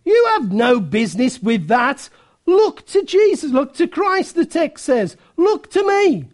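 A woman's voice: a little high, takes it slowly, a little mellow. A woman doing an earnest country lay preacher. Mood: earnest exhorting. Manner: pleading, repetitive exhortation. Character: thin, plain-spoken rural lay preacher, earnest.

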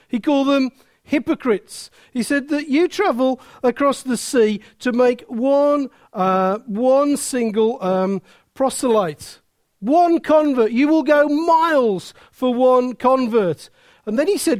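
A man preaching a sermon as pastor, earnest and measured, with frequent pauses. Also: very high-pitched, darkish tone, dry recording, clean studio sound.

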